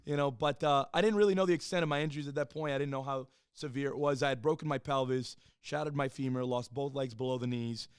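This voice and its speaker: A man in his thirties, a podcast guest, telling his own story in a casual, profane, animated way and acting out the people he quotes. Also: mid-range voice, fast, few pauses, smooth, no room sound, clean studio sound. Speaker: podcast guest, former Marine and police officer.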